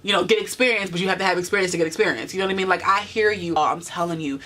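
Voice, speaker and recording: Racing along in a low-ish, bright, forceful voice, a vlogger in her twenties talks earnestly to camera. She encourages her viewers sincerely, leaning heavily on "you know."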